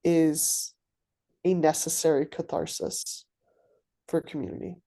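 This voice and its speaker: Low gravelly woman, reflective. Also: fairly even intonation, measured pace, mellow.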